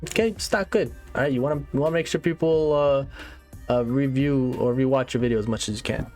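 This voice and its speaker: A man hosting a satirical tutorial monologue, mock-serious and lively, checking in with "all right?" again and again. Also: medium pitch, fairly quick, soft background music. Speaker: comedic YouTuber host.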